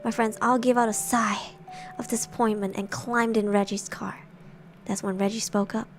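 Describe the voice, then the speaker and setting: A young woman streamer narrating horror stories in a soft, hushed semi-ASMR style, with giggly asides. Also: medium pitch, little pitch movement, moderate pace, faint music behind.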